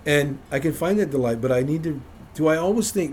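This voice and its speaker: A man's voice: fairly high pitch, animated, fairly quick, a little mellow, slight background noise. A man leading an informal Bible study for a small group, conversational and self-deprecating, often chuckling.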